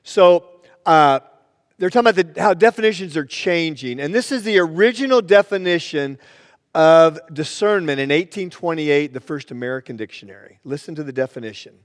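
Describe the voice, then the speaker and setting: A man preaching from the pulpit with a notably high voice. His sermon rings through a church sanctuary with a long reverb tail, and he moves easily into storytelling, acting out the people in his stories. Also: expressive, normal speed, clean tone. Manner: storytelling, plays the joke with voices. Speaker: pastor.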